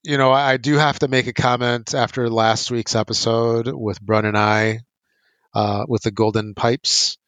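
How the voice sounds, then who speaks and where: A man's voice: medium pitch, level tone, unhurried, fairly bright tone, clear, resonant tone, no room sound. A man co-hosting a casual gaming podcast, joking and laid-back as he chats. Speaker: podcast co-host.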